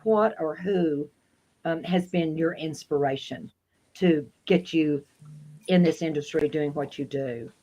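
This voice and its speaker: A woman's voice: sits low, measured pace, warm tone, poor audio. A woman hosting an interview show, speaking in a gracious and polite way to her guest. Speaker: show host.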